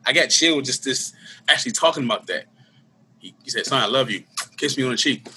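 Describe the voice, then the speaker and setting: A man's voice: medium pitch, brisk, sharp tone, slight background noise. A man talking candidly and earnestly about his own life in a casual conversation, full of slang. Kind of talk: casual conversation, personal storytelling.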